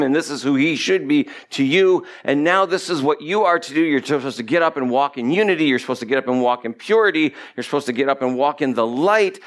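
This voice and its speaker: A man preaching a sermon, emphatic and repetitive, stretching out key words for stress. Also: on the high side. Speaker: pastor.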